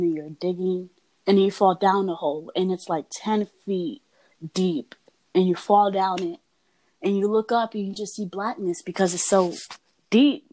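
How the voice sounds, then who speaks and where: A young woman talking candidly as a podcast guest, her voice soft and even at a middling pitch. She is reflective and builds her points through rhythmic repetition. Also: rough recording. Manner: soft-spoken, reflective, repeats phrases for emphasis. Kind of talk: candid personal conversation.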